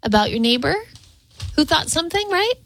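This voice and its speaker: A woman's voice: sits high, sing-song, fairly quick, a bit bright, no echo. A woman co-hosting a morning radio show, giggly and teasing as she chats. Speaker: radio co-host.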